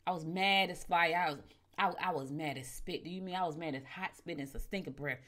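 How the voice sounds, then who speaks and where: A middle-aged woman hosting a morning show. She tells stories casually, often calls her listeners "y'all," and her voice jumps suddenly in pitch and loudness. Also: a little fast. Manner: chatty, addresses listeners as "y'all". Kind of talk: casual storytelling and horoscope reading.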